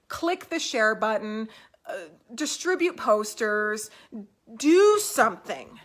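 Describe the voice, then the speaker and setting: A woman's voice: a little high, lively intonation, slow. A woman talking casually to camera at home about doll collecting, upbeat and encouraging, with fillers and restarts.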